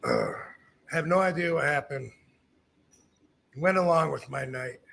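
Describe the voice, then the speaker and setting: Slightly high and creaky, this man's voice moves at an unhurried pace. As a middle-aged podcast host, he spins a story in casual conversation, animatedly performing others' dialogue and frequently starting sentences over.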